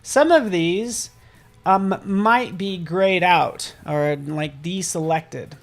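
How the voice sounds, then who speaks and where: A man hosting a live software tutorial, upbeat and chatty, talking to viewers in the chat and joking about himself. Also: high voice, very slow, creaky. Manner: casual and self-joking. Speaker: host and software instructor.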